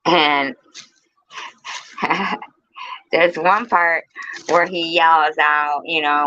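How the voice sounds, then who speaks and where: Slow-talking bright woman livestreamer. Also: sits low, steady tone, muffled recording. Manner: playful, teasing, swears freely. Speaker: livestream host. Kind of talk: casual livestream chat with viewers.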